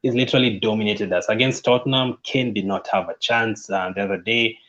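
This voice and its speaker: Low-voiced man on a dull line. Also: fairly even intonation, fairly quick, a bit bright. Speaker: football podcast co-host. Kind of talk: casual chat.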